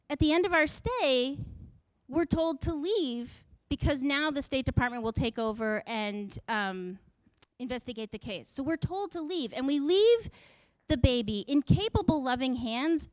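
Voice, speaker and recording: Wry high-voiced woman telling a story. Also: animated, a little slow, dry recording. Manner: wry, self-mocking, acts out voices. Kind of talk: comic personal storytelling.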